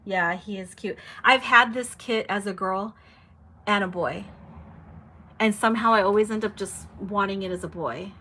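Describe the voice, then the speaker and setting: A woman's voice: medium pitch, moderate pace. A young adult woman casually hosting a live stream, chatting and reading out viewer comments. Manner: chatty, reads viewer comments aloud, animated reactions. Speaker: livestream host.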